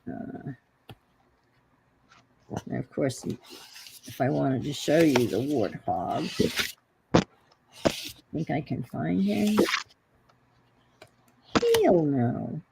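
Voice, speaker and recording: Low, gravelly-voiced woman with a New York accent; rambling host of a craft stream who chats while she works. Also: expressive, very slow, long pauses, heavy background noise. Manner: rambling, trails off and searches for words. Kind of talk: casual crafting chat.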